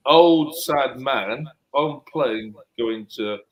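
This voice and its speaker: A man's voice: mid-range voice, drawn-out words, low-quality recording. A man in his fifties, telling a story in casual chat and hamming it up for effect. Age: 50s. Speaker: panel guest.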